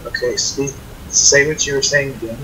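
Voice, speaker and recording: Halting man in casual voice chat. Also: mid-range voice, steady tone, bright, forceful tone, slight background noise, rough recording. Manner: halting, restarts and fillers. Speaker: voice chat participant.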